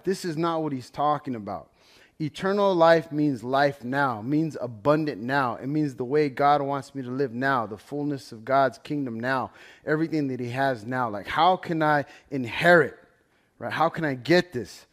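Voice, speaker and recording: Young male Bible teacher, relaxed and conversational, everyday examples and quick asides, mid-pitched voice. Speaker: pastor.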